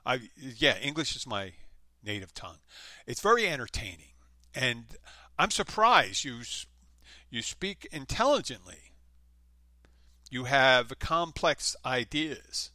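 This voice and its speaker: A man's voice: mid-range voice, animated, normal speed, pushed and bright, no echo. A man from the United States, hosting his own podcast in a casual, rambling monologue full of restarts and self-corrections. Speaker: podcast host.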